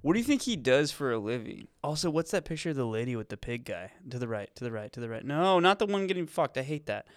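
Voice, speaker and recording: A man's voice: medium pitch, very animated, fast talker, hardly any pauses, no room sound, studio quality. A man co-hosting a crude comedy podcast, telling rambling, profane stories with sudden outbursts. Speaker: podcast co-host.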